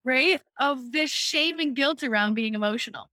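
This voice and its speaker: A woman with a bright, forceful, slightly high voice explains spiritual concepts in an upbeat, conversational podcast style. The sound is dry and close, with no room around her, and she keeps checking in with the listener as she goes. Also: moderate pace, dry recording. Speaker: human design reader, co-host. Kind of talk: casual podcast chat, explaining.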